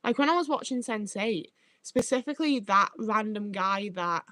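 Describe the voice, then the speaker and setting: A woman's voice: mid-range voice, lively intonation, normal speed, a bit bright, no room sound. Rambling, sweary woman. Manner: rambling, sweary, self-interrupting. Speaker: livestream host. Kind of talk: casual live-chat rambling.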